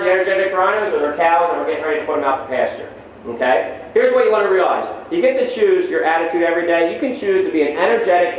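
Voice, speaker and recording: A middle-aged man with a fairly high voice gives an energetic motivational lecture to students. He fires off punchy lines and keeps checking in with "okay?" His voice bounces around a big hall and sounds far from the mic, over a faint hum of room noise. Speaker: motivational speaker. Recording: very echoey hall, distant mic.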